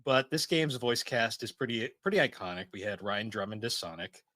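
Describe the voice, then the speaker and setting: Bright-voiced jokey male podcast host. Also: on the low side, animated, brisk, dry recording. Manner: jokey, laughs mid-sentence, acts out quotes. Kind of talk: casual podcast chat.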